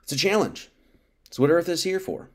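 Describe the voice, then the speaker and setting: A man's voice: on the high side, big pitch swings, moderate pace, darkish tone. A man giving an informal sermon, talking casually, reading scripture and acting out quotes, with many restarts. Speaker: preacher.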